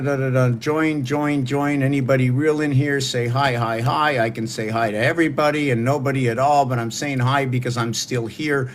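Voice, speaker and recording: A man's voice: mid-range voice, slight background noise. A man hosting a solo livestream, musing aloud in a wandering way and talking to his viewers. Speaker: livestream host. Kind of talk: rambling solo livestream talk.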